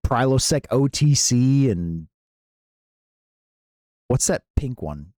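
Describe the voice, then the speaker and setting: A man's voice: medium pitch, sing-song, slow pace, warm tone, dry recording, clean studio sound. A man hosting a live stream, chatting casually with viewers in a playful, jokey way and often laughing.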